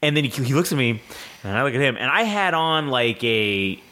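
Lively, fast-talking bright-voiced man. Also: mid-range voice. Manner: animated, profane storyteller. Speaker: podcast co-host. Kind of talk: casual storytelling.

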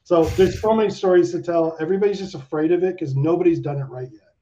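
A man talking in a casual video-call chat, animated and rambling, swearing freely with lots of fillers. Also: fairly high pitch, fast, dull audio. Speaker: animation director, guest.

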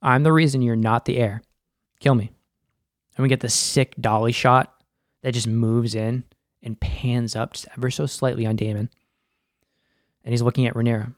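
Here a young man with a mid-range voice recaps a TV episode for a film and TV show. He's relaxed and swears freely, leaning on filler words and "like" throughout. The sound is studio quality with no echo.

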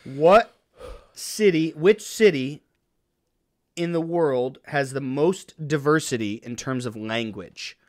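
A man with a slightly higher voice, co-hosting a relaxed trivia game with a friend. He teases and laughs often, keeping the banter loose and casual. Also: slow pace. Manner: teasing, playful, laughs often. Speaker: co-host.

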